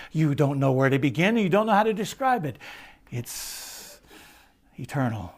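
A man preaching a sermon, dropping to hushed, slow phrases and then rising to loud, ringing emphasis. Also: mid-range voice, lively intonation.

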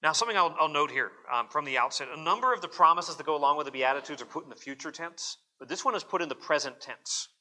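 A man's voice: on the high side, fast, hardly any pauses, sharp tone. A pastor preaching a sermon at a church service in an earnest, emphatic way, often repeating words as he presses a point.

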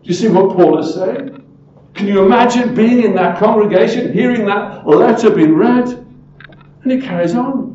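A man preaching a sermon as pastor, emphatic and full of rhetorical questions, often swinging from loud to hushed. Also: high voice, normal speed, reverberant, highs cut off, a little hiss or hum.

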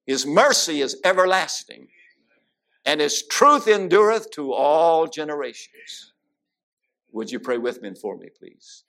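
Male preacher, gravelly, folksy sermon with scripture and jokes. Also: fairly high pitch, lively intonation, unhurried, a bit bright. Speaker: guest preacher.

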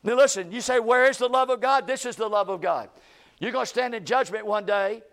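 A man preaching a revival sermon, swinging between loud shouting and hushed low lines. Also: fairly quick.

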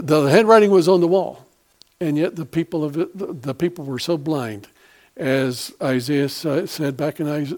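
A man's voice: fairly high pitch, a little mellow. A man preaching a sermon in a folksy, rambling way with many fillers and restarts.

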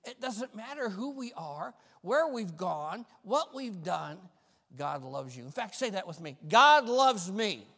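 A male pastor preaching a fervent sermon with folksy, self-mocking humor, swinging between shouts and quiet talk. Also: high voice, very animated, a little slow. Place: church sanctuary. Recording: long reverb of a church hall.

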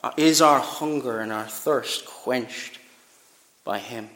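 A man's voice: mid-range voice, takes it slowly, a bit bright. A man in his twenties preaching an earnest, emphatic sermon, his voice rising and falling in volume. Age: 20s. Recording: echoey church hall.

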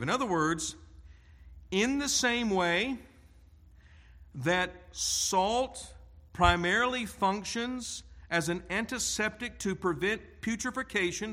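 A male pastor delivering a sermon in a slightly high voice. He preaches emphatically and deliberately, leaning hard on single words and repeating lines for weight. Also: fairly bright tone.

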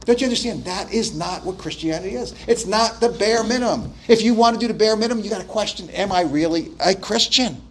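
A man's voice: high-pitched, quick pace, hardly any pauses, breathy edge. A man preaching an expository sermon, emphatic, asking rhetorical questions and often repeating and restarting his words.

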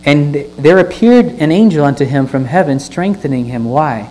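A man's voice: on the high side, animated, normal speed, few pauses, mellow, rough recording. A man preaching a sermon, reading scripture aloud and explaining it with earnest stresses and questions to the listeners. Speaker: pastor. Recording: faint mains hum.

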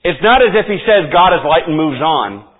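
A man's voice: fairly high pitch, expressive, moderate pace. A man preaching a sermon as pastor, emphatic and repeating key phrases for stress. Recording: tinny phone-like audio.

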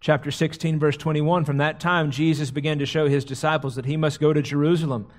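A man's voice: a little high, level tone, brisk. A man preaching a sermon, retelling a scripture story dramatically, often repeating words as he goes. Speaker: pastor.

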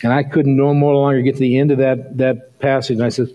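A middle-aged male pastor preaching a sermon, telling a story and rising to excited peaks. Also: medium pitch, fast talker, muffled recording.

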